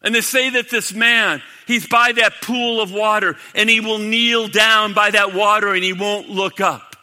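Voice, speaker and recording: A man preaching a sermon to a congregation, dramatic, swinging from loud to hushed. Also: high-pitched, steady tone, a little slow. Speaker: pastor. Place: church sanctuary. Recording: long hall reverb.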